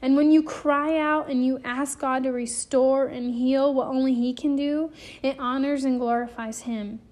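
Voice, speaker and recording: Earnest high-voiced woman preaching. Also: steady tone, measured pace, a little mellow. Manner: emotional, close to tears. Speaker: podcast host. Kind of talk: devotional podcast talk.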